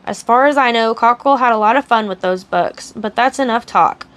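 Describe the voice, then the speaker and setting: A woman reading aloud as a cruel male henchman, speaking softly and sneering. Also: a little high, moderate pace, lightly acted. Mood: scornful. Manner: sneering, taunting. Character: menacing male henchman, soft-spoken and cruel.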